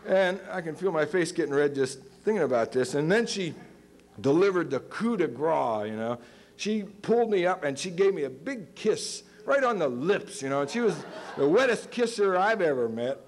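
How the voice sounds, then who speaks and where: A man's voice: fairly high pitch, normal speed. A man of about fifty giving a lecture in a university auditorium, telling stories animatedly and acting out the voices in them. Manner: animated, acts out quoted voices. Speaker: guest lecturer. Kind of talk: storytelling lecture.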